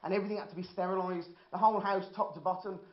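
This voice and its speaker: A man's voice: sits high, fairly even intonation, rapid-fire. A man, telling a dry, self-deprecating stand-up comedy set in an indoor hall. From Birmingham, England. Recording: roomy, dull lo-fi hall recording.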